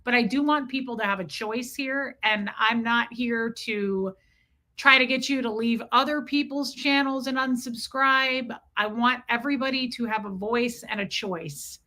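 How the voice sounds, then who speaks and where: A woman's voice: on the high side, unhurried. A woman hosting a casual live stream, reading chat messages aloud and greeting viewers by name, talking in an effusive, repetitive way. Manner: effusive, repeats herself, shout-outs to chat names. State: cold, freezing. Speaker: livestream host. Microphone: streaming mic.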